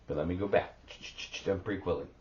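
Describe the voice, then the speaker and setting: A man's voice: deep voice, brisk, a little hiss or hum. A middle-aged man co-hosting a podcast, telling a story in casual chat, swearing often and acting out sounds. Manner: animated, swears a lot, acts out sounds. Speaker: podcast co-host. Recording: roomy, dull lo-fi sound.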